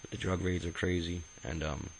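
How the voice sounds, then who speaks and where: A man with a very low, gravelly voice tells his own life story like a loose, unscripted chat. He rambles, curses casually, and keeps stumbling over fillers and restarts. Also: steady tone, fairly quick, slight background noise, low-quality recording. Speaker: autobiography narrator. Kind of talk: casual spoken memoir.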